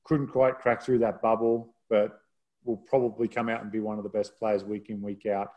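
A man's voice: fairly low pitch, level tone, moderate pace, darkish tone, highs cut off. A man who works as a rugby broadcaster, telling a self-deprecating story in a casual podcast chat.

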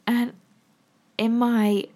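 A woman's voice: a little high, flat delivery, very slow, darkish tone. A woman in her thirties with an English accent, chatting casually and rambling with frequent ums as she talks to her viewers. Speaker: vlogger. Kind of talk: casual chat.

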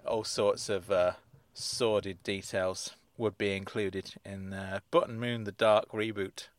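A man's voice: lowish voice, fairly even intonation, unhurried, no echo. A man reading episode synopses aloud and adding dry, sardonic asides, chuckling as he goes. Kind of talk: casual comic commentary.

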